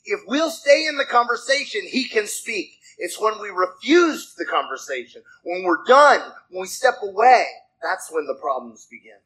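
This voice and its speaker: A man preaching a sermon, chatty and animated, asking his listeners questions and moving between loud dramatic reading and soft asides. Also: high voice, moderate pace, husky, rough recording. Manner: animated, conversational, asks the congregation questions.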